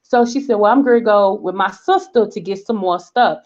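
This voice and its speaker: Southern woman, forties, vlog host, animated storyteller, dull lo-fi sound. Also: mid-range voice, brisk. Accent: Southern American. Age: 40s. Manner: animated storyteller, acts out quoted voices, checks in with "okay?". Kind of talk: casual storytelling chat.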